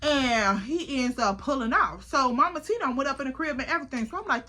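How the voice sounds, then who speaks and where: A woman's voice: high voice, expressive, a little fast, few pauses, noisy background. A young woman telling a casual, profane storytime to the camera, chatty and calling the listener "girl". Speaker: vlogger.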